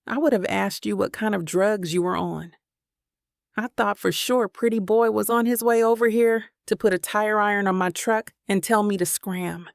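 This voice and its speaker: Gravelly woman narrating a romance audiobook. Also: mid-range voice, dry recording, clean studio sound.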